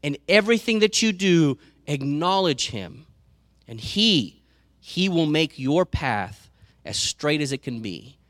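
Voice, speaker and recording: A man's voice: fairly high pitch, big pitch swings, slow pace, fairly bright tone, no echo, studio quality. A man preaching a sermon as a pastor, earnest and repeating words as he goes.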